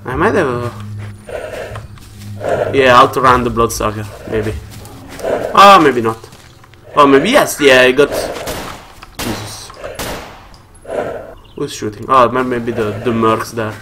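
Young guy talking thru a game, slow drawl, rain and game noise behind. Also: medium pitch. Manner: rambling, jumpy, panicky bursts. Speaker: let's play gamer. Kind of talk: casual gameplay commentary.

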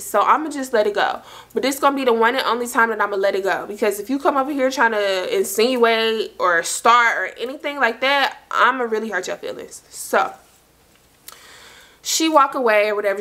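A young woman tells a storytime in a casual vlog and acts out the quoted lines. Her voice is bright and sits a bit high. She speaks straight to her viewers, loose and animated. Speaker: storytime vlogger.

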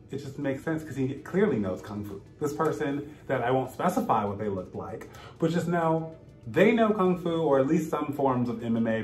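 A man's voice: mid-range voice, reverberant. A man vlogging casually, telling a story with laughter and acting out what people said. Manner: animated, laughing, acts out quotes.

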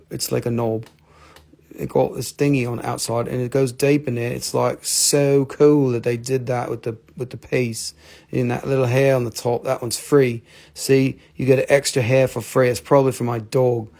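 A man hosts a live mineral sale, chatting in a folksy, rambling way and making fun of himself. His voice has a gravelly edge at an ordinary middle pitch. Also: a little mellow. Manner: folksy, rambling, self-joking. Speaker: host of a live mineral sales show. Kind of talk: casual live selling chat.

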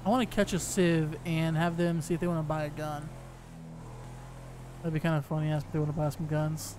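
A man with a brisk, fairly high voice plays an arms dealer in a game roleplay, mixing in-character talk with casual gameplay commentary and laid-back jokes for his viewers. Background noise is audible.

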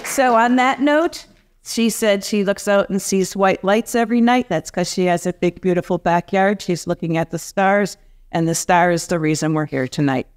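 A woman's voice: mid-range voice, moderate pace, smooth. A woman making a playful, mock-formal debate case in a chatty way.

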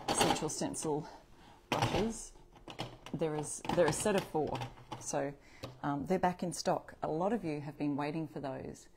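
A woman's voice: on the low side, a little mellow. Chatty woman hosting a live crafting demo. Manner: chatty, self-correcting, answers viewer comments. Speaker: craft livestream host. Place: home craft space.

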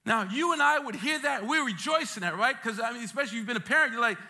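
High, bright-voiced joking pastor. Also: male voice, racing, few pauses. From Brooklyn, New York. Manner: lively, joking, streetwise asides. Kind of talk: sermon. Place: church sanctuary.

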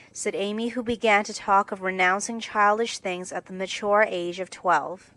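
A woman narrating a classic novel in a steady, clear scripted reading. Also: medium pitch, normal speed, few pauses, no echo, rough recording. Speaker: audiobook narrator.

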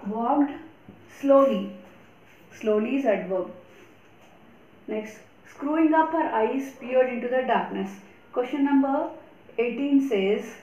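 A woman with a slightly high voice works through grammar exercises as a teacher, spelling out and repeating each answer with careful emphasis. The recording has a roomy echo around her. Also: darkish tone. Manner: slow, deliberate explanations with repetition. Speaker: English teacher. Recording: echoey room.

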